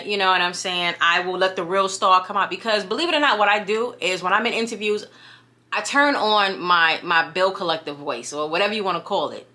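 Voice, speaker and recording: A young woman with a clear New York accent talks casually to her camera, chatty and animated. Her voice is bright and forward, and she keeps checking in with "you know what I mean?". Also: mid-range voice. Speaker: vlogger.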